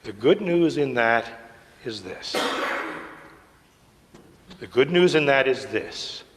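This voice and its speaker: A priest preaches in a church, his mid-range voice ringing on in the room's long reverb. He talks in a conversational, storytelling way. At times he sinks to a hushed near whisper. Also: mid-range voice, expressive, normal speed, noisy background. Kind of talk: sermon. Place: church sanctuary.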